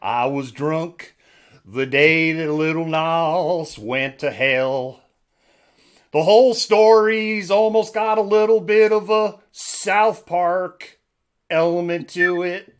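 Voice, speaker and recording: A man's voice: high-pitched, fairly bright tone. A man singing his lines in a put-on cowboy voice as co-host of a live news talk stream. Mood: playful. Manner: slow sing-song drawl. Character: singing drawling male cowboy. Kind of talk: sung cowboy voice for a challenge.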